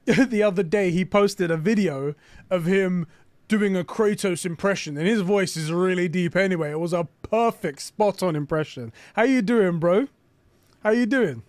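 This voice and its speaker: A man hosting a casual live stream, reading aloud and reacting with excitement and frequent swearing. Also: fairly high pitch, no echo.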